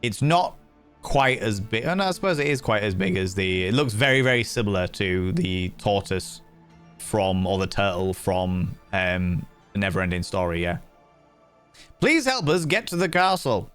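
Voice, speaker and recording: A man narrating as game master for a streamed tabletop game, unhurried and dotted with fillers. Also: sits low, a bit bright, smooth, faint music behind.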